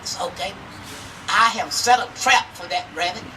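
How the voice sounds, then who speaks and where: Woman doing a smug plotting fox, bright timbre, mic far away. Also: medium pitch, normal speed, close to an everyday voice. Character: scheming, hungry male fox. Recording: outdoor, mic far off, faint noise.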